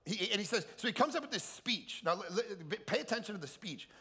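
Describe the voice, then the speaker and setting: A middle-aged man, a pastor, giving an energetic, joking sermon and acting out funny quotes in a higher voice. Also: fast talker. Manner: animated, jokey storyteller acting out quotes in a high voice. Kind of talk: energetic comic preaching. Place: large hall at a camp.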